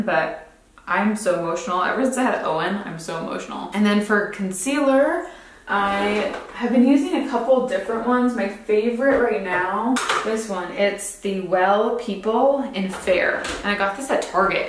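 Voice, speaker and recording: A woman's voice: medium pitch, normal speed, slight background noise. A young woman, a beauty vlogger, chatting casually through a makeup routine, rambling with lots of "like" and "um". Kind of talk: casual makeup tutorial chat. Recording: roomy echo.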